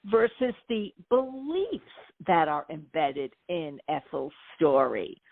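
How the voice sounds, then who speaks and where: A middle-aged woman, a life coach, explaining her methods in a lively way with playful examples during an interview. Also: low-pitched, takes it slowly, gravelly, no room sound. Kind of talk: interview conversation. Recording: tinny phone-like line, dry.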